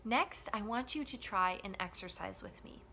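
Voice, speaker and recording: A woman teaching an English pronunciation lesson, modeling stress and rhythm with slow, deliberate phrasing. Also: medium pitch, animated, creaky, bright, forceful tone, slight background noise.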